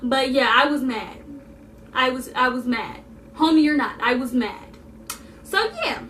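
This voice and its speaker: A young woman telling a story in a casual vlog, animated and sassy, repeating lines for emphasis. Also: high-pitched, a little slow, recorded from a distance, a little hiss or hum. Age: young adult. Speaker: vlogger.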